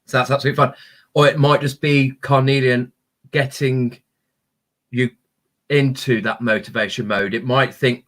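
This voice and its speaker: Brief: man, crystal-healing livestream host, gentle and encouraging, mid pitch. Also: steady tone, moderate pace, long pauses. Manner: gentle, encouraging, spiritual talk with many ums. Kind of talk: live-stream chat reading viewer comments.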